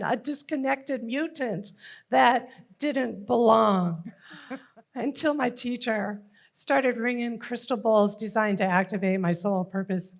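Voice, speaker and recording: A middle-aged woman telling a personal story on stage, slow and deliberate with emotional emphasis. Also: on the high side.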